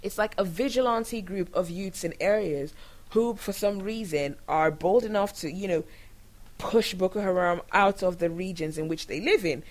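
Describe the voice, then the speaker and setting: A woman's voice: lowish voice, normal speed, rough recording. Outspoken woman hosting a commentary show. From Nigeria. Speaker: show host. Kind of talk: opinionated commentary monologue.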